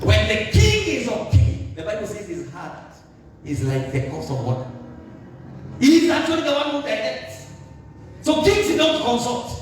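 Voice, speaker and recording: A Kenyan man preaches with a high, swooping voice, slipping between English and Swahili phrases. His voice rings through a church hall and sounds a little distant from the mic. Soft music plays faintly underneath. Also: huge pitch swings, moderate pace, long pauses. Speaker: pastor. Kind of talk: sermon.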